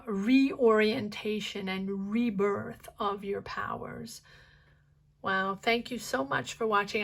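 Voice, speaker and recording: A woman's voice: fairly high pitch, gravelly, fairly bright tone. A woman giving an encouraging tarot card reading, losing her voice, repeating key words. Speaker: tarot reader.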